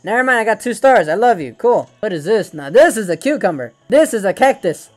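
A man hosting a VR fishing game video, excitable and joking, swearing often as he plays. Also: high voice, fairly quick, faint music behind. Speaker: gaming channel host. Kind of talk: VR game commentary. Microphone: VR headset gameplay capture.

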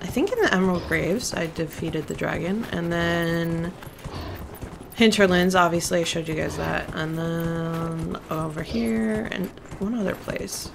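A woman's voice: on the low side, unhurried, vocal fry, noisy background. A woman giving casual, chatty commentary while playing a video game, talking to the game characters. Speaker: let's play gamer.

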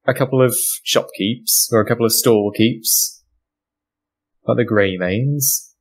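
Man, tabletop player, casual, playful, teasing, mid-pitched. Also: unhurried, slightly rough. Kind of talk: casual tabletop game chat.

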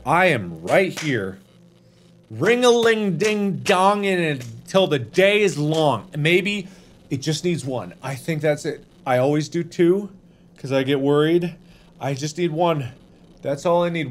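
A young man hosting a horror game video, yelling and cursing at the game, then muttering to himself. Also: fairly high pitch, big pitch swings, slow pace, a little hiss or hum. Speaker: gaming video host.

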